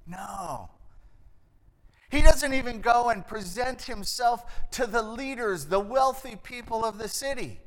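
Guy preaching, high voice, slow and dramatic, lots of hall echo. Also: expressive, fairly bright tone. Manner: dramatic storytelling, acting out the angel and reading scripture with rising force. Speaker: pastor. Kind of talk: sermon.

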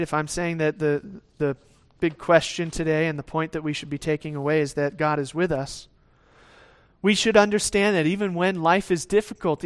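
A man preaching a sermon casually, often checking in with the listeners and acting out little exchanges with God. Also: high voice. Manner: conversational preaching, acts out God's lines; tag questions, some restarts. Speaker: pastor.

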